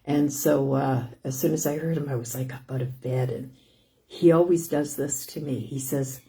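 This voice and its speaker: On her live stream about living with lung disease, an older woman speaks in a low, mellow voice with a steady tone at normal speed. She drifts from topic to topic, restarting sentences and circling back with "anyways," always easygoing and homey.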